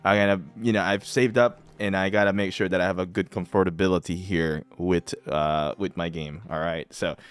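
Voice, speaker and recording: A man's voice: sits low, steady tone, normal speed, few pauses, clean tone. A man hosting a gaming channel, chatting casually as he plays and often breaking into laughter while repeating himself. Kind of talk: casual game commentary.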